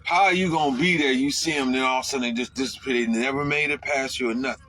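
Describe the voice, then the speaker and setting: A man's voice: medium pitch, fast talker. Profane ranting trucker man. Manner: profane, animated ranting with sudden yelled outbursts. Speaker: truck driver. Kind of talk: casual rant to camera.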